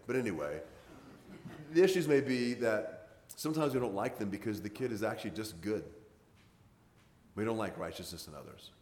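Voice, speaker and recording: A low-voiced man delivers a sermon in a conversational style, pressing hard on his main points. His voice echoes around a reverberant room. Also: a little mellow. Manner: conversational preaching, rising and pressing on key points. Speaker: pastor.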